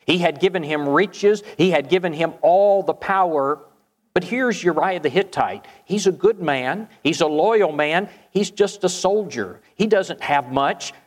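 A man preaching a sermon, retelling a story and asking the listeners questions. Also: fairly high pitch. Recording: long hall reverb.

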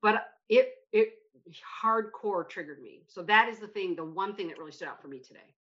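A middle-aged American woman co-hosting a podcast, talking in an emphatic, animated way and often cutting herself off. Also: mid-range voice, moderate pace. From United States. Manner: emphatic and animated, self-interrupting. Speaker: podcast co-host. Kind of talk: casual discussion. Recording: slightly muffled lo-fi mic.

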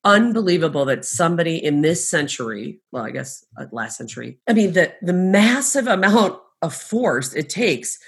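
A middle-aged woman, a travel agent, telling stories in casual conversation, animated and laughing often as she acts out what people said. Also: fairly low pitch, moderate pace, creaky, hardly any pauses, slightly rough.

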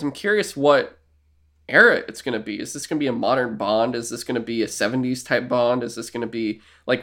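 A man co-hosting a casual podcast, rambling and animated, acting out little quoted exchanges as he talks. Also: mid-range voice. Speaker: podcast co-host. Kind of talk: casual chat.

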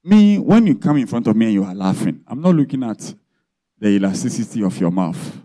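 Pastor preaching, mellow low-toned voice, keeps asking the crowd questions. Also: male voice, big pitch swings, a little fast. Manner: preaching with rhetorical questions to the congregation. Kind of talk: sermon.

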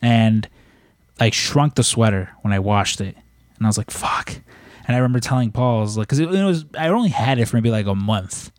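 Brief: male podcast co-host, mid pitch, loose storyteller who swears, dry room. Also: lively intonation, fairly quick, darkish tone, no room sound. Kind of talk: casual chat.

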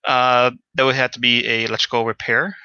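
A man narrating as game master in a tabletop game, halting with many fillers. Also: mid-range voice, little pitch movement, bright, forceful tone, lo-fi sound, a little hiss or hum.

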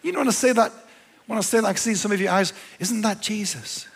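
A pastor preaching a sermon, animated, dropping to quiet low asides and then rising to emphatic lines. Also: male voice, very fast, vocal fry, a little hiss or hum. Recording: long hall reverb.

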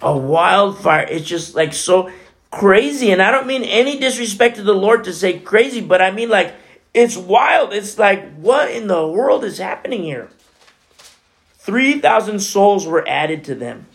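A man preaching a sermon as pastor, animated and conversational, swinging between loud and hushed. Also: high-pitched, a little slow, gravelly. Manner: conversational, with many fillers like "you know" and "like".

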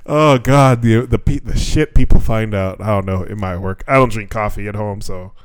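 A man's voice: fairly low pitch, normal speed, clean tone, no echo. Profane ranting podcast man. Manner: profane, ranting, laughs often. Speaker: podcast co-host. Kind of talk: casual chat.

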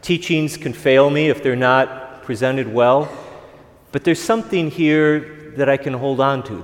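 A man, a priest, giving a conversational homily at an evening Mass, asking the congregation rhetorical questions. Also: mid-range voice. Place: church. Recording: long reverb of a church.

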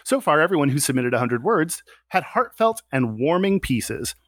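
A man's voice: fairly high pitch, very animated, normal speed, a bit bright, no room sound, studio quality. A man hosting a casual podcast, chatting and laughing, often restarting his sentences. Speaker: podcast host.

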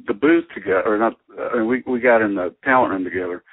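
A man's voice: lowish voice, fast, breathy edge, dry recording. A man in his sixties, a musician guest, telling stories animatedly and laughing often. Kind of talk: casual chat. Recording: tinny phone line.

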